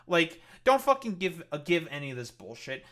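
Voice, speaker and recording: A man's voice: a little high, very animated, moderate pace, a bit bright. A man streaming heated, profane political commentary in a blunt, ranting way.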